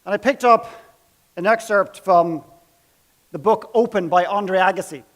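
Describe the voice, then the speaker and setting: Guy with a high voice telling a story, acts out the quotes, goes quiet for the big moments. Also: measured pace. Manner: dramatic, acts out quotes, drops to hushed tones. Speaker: speaker telling a workshop story. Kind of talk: storytelling talk.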